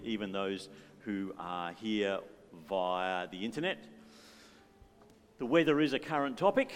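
A man leading a church service in a playful, joking way, coaxing the congregation to join in. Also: lowish voice. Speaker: worship leader. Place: church hall. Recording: reverberant church hall with faint music.

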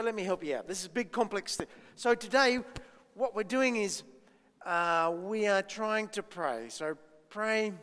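A man's voice: high-pitched, animated, moderate pace, a bit bright, big-room sound. A man giving a playful children's talk at church, asking the kids lots of questions. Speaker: children's minister.

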